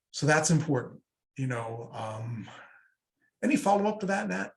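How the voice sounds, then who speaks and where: A man runs an online workshop in a relaxed, conversational manner, answering questions from the chat and acting out short sample dialogues. His voice sits on the high side, and he talks at a normal speed.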